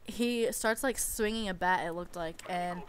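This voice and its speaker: A woman's voice: lowish voice, unhurried, a little hiss or hum. A young woman in a casual storytime vlog, chatty and exasperated, peppering her stories with "like". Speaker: babysitter telling stories.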